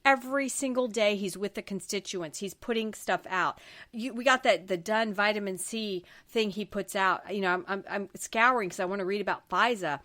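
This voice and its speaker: A woman's voice: mid-range voice, normal speed, sharp tone. A middle-aged woman from the Florida Panhandle hosting a political talk show. She rants emphatically, sounds exasperated and restarts her sentences often.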